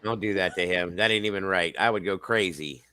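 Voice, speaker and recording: A middle-aged man hosting a casual group chat, talking in a lively way, swearing a lot and laughing often. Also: low-pitched, fairly quick. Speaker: podcast host.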